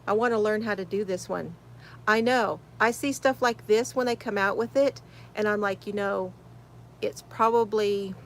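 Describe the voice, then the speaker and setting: Livestreaming crochet from her she shed, a host greets viewers by name, reads out chat comments, and laughs frequently. Her voice is medium in pitch, and a little hiss or hum is audible.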